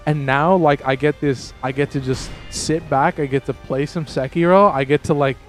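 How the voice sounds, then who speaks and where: A man talks casually to his livestream viewers in a slightly high voice over faint background game music. He rambles and restarts a lot, with sudden excited leaps in pitch. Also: moderate pace. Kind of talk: casual livestream chat with viewers while gaming.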